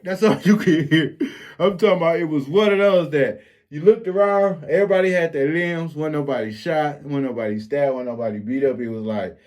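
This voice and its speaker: Brief: man with a Flint accent, slightly high voice, loose profane storytime delivery. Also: brisk. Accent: Flint, Michigan. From Flint, Michigan. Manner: animated street storytelling, profane slang. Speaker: storyteller vlogger. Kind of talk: casual storytime monologue.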